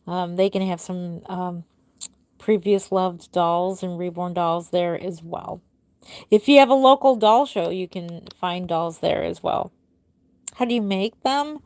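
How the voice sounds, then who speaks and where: On a dry recording, a middle-aged reborn doll artist talks unhurriedly to her live-stream audience from home. She's chatty, replying to each viewer's comment in turn, and her voice tends to fade soft and low as she finishes a thought.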